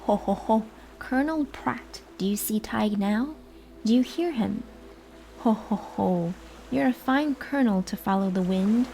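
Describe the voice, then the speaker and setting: A woman's voice: mid-range voice, measured pace, creaky, mellow, a little hiss or hum. A woman voicing an invisible, mocking male fairy spirit that laughs and taunts, as a whispered role-play. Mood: taunting.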